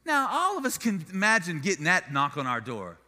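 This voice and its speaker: A man's voice: on the high side, fairly quick, long reverb tail. A male pastor preaching a sermon, telling stories with humor and energy. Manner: animated storytelling with humor.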